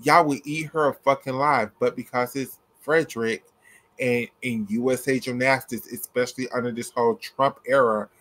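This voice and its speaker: A young man delivering an impassioned commentary rant. He swears freely and repeats himself for emphasis, his voice sitting at an ordinary middle pitch. Blunt, fired-up and direct. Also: steady tone, moderate pace, a bit bright. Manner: heated, blunt, profane and repetitive. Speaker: gymnastics commentator. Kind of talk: ranting commentary vlog.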